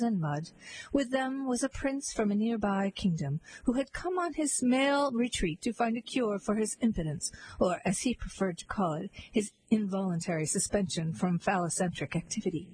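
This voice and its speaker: A woman's voice: on the high side, darkish tone, slightly rough, poor audio. A woman reading a parody fairy tale aloud with a dry, wry delivery. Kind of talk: comic storybook narration.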